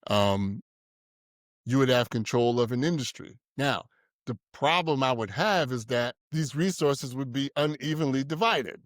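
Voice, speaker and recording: A man's voice: medium pitch, animated, measured pace, dry recording, clean studio sound. A man hosting a podcast discussion, ranting in a heated, profane way. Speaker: podcast host.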